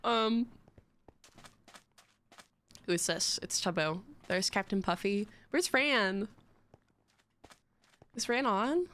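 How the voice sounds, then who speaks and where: A woman's voice: mid-range voice, animated, slow, long pauses, a bit bright. A young woman streaming live, chatting in a rambling, giggly, self-mocking way to her chat.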